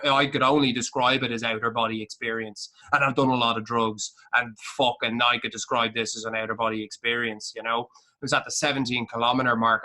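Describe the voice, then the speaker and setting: Bright and forceful, the mid-range voice belongs to an Irish podcast co-host in a casual conversation. He's intense and motivational, speaking bluntly with plenty of profanity.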